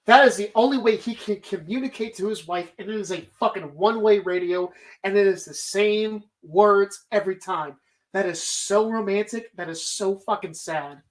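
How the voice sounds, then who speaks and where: A woman's voice: medium pitch, moderate pace, low-quality recording. A woman hosting a casual movie bracket show, talking animatedly and rambling, swearing freely as she argues her picks. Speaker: podcast host.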